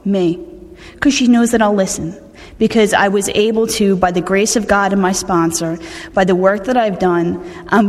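A woman giving a personal recovery testimony, speaking candidly and conversationally, often restarting her sentences. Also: mid-range voice. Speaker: speaker sharing a recovery story. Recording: long reverb of a large hall.

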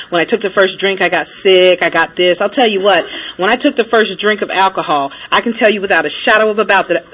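A woman speaker telling her own recovery story in a lively, laughing way, with many fillers. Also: medium pitch. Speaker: traveling speaker. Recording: noisy recording.

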